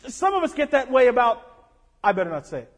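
A man preaching a sermon as a guest speaker, animated and acting out grumbling churchgoers. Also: extremely high pitch, quick pace. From North Carolina.

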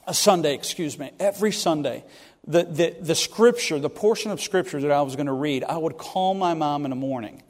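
A middle-aged man preaching and telling funny personal stories to a congregation, lively and self-deprecating, acting out other people's lines. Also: fairly high pitch, a little fast. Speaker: pastor. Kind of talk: sermon storytelling. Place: church sanctuary. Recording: long reverb of a church hall.

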